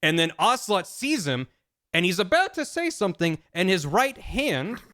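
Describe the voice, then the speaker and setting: A man on a stream, casually retelling a game's story to friends in a rambling, animated way, dropping into quick voices for the characters. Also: sits high. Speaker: streamer explaining game plots.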